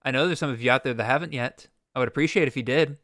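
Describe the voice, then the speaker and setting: Bright-voiced man hosting a draft stream. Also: medium pitch, very fast, dry recording, studio quality. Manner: thinks aloud, restarts, mock exasperation. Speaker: podcast host. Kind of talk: live-streamed fantasy draft chat.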